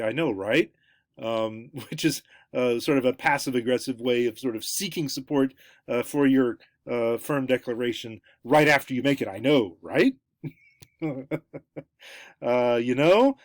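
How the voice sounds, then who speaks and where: Halting male lecturer, dry sound. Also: dry recording. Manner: halting, many fillers and restarts; lively, pitch jumps up for new points. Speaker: anthropology lecturer. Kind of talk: recorded lecture.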